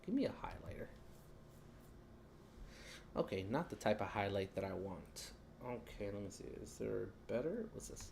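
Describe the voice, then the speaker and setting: A man's voice: on the low side, big pitch swings, normal speed, vocal fry, long pauses, a little mellow, slight background noise. A man giving a casual live-stream lesson on credit, chatting loosely and talking while he fumbles with his screen.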